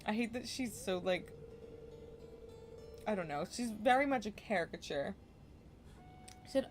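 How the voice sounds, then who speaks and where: A woman chats casually through a cozy game session, her talk relaxed and easygoing and full of small self-deprecating asides. Her voice sits at an ordinary middle pitch, and soft game music plays faintly behind her. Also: moderate pace, long pauses. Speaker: gaming streamer. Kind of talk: casual gameplay commentary.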